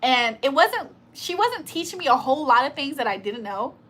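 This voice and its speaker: A woman's voice: high-pitched, sing-song, normal speed, a bit bright. A woman hosting a casual livestream, reading viewer comments aloud, teasing them and laughing often. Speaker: livestream host.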